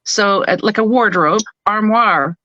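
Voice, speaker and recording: A Canadian woman, an audiobook narrator, chatting as an interview guest and telling stories in a lively, animated way. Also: mid-range voice, moderate pace, dry recording, muffled recording. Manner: chatty, animated storyteller who acts out quotes. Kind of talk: casual interview chat.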